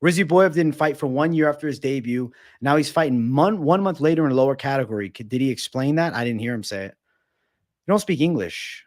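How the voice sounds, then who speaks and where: A man's voice: expressive, fairly quick. Casual profane male livestream host. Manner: reads chat aloud and answers in a loose, profane, joking way; trails off low and quiet at the ends of answers. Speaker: livestream host answering viewer questions.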